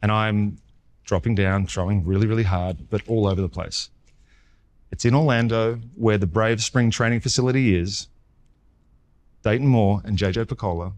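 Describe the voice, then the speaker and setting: Lower-voiced Australian man telling stories. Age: 40s. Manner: lively storyteller who acts out quoted dialogue. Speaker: guest, former baseball pitcher. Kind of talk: casual storytelling interview.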